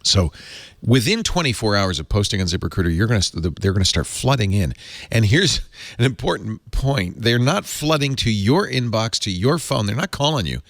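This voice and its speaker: A middle-aged man hosting a tech podcast, chatting casually and reading an ad in an animated, rambling way. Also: fairly low pitch, normal speed, dry recording, clean studio sound. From Rhode Island. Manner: animated, rambling ad delivery with restarts. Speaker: podcast host. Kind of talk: casual tech podcast chat and live ad read.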